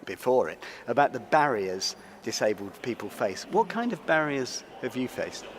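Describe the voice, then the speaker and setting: A man presenting a radio report and interviewing a guest in a measured, conversational way, recorded in a large indoor lobby. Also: medium pitch, very animated. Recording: public lobby with some noise.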